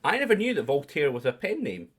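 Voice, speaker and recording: A man's voice: on the high side, huge pitch swings, quick pace, fairly bright tone. A Scottish man casually hosting a live-stream quiz, chatty and jokey as he reads out questions. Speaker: quiz host.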